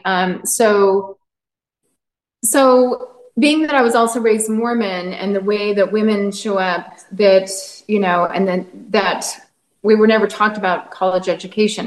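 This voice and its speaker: A woman's voice: mid-range voice, roomy sound, low-quality recording. A woman relationship coach, a podcast guest, telling personal stories in an open, heartfelt way. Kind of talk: candid interview talk.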